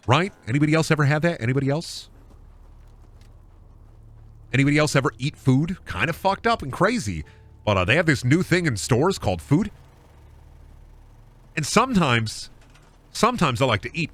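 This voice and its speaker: A man riffs in a mock stand-up style while streaming a game, with a bright, forward tone. His pitch swings widely as he drops from mumbled asides into loud bursts. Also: animated, brisk, no echo. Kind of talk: comedic gaming stream banter.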